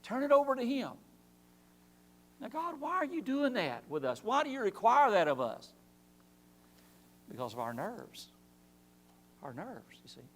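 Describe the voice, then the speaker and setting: Lively high-voiced man teaching Bible class. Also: a little slow, long pauses. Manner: animated preaching with rhetorical questions and acted-out quotes. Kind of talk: church Bible class lesson. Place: church.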